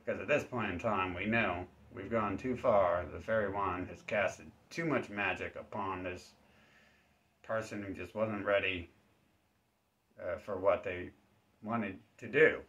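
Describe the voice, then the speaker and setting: A man hosting his own channel, giving a rambling deadpan comedic monologue that sometimes jumps into high-pitched acted-out voices. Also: measured pace. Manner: acts out exchanges with sudden high-pitched voices; laughs at his own dark jokes. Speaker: self-defense channel host. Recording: slightly dull, lo-fi recording.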